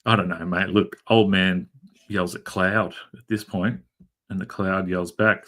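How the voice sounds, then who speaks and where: A middle-aged Australian man chats casually on a drawing stream from a converted garage room, spinning rambling, jokey stories stuffed with fillers. His voice is low and fairly bright, with fairly even intonation and an unhurried pace.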